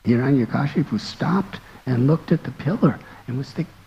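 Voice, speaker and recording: A man, a monk and spiritual teacher, telling a devotional story in a sermon with slow, earnest, dramatic delivery. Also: mid-range voice, animated, gravelly, muffled recording.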